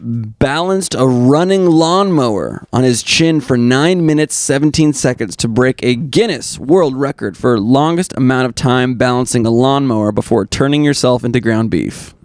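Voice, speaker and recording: Mid-pitched man, dry retorts. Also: moderate pace, few pauses, a little mellow, no echo. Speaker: podcast co-host, joke writer. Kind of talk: casual comedy podcast banter.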